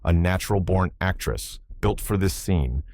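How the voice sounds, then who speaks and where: A man voicing a brisk film director who speaks shortly and curtly. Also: deep voice, expressive, darkish tone, no echo, clean studio sound. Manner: short and curt.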